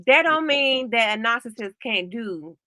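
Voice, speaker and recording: A woman's voice: on the high side, expressive, a little slow, pushed and bright, dry recording. A woman with a Washington, D.C. accent, co-hosting a casual gossip chat, talking frankly and often restarting her sentences. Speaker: co-host.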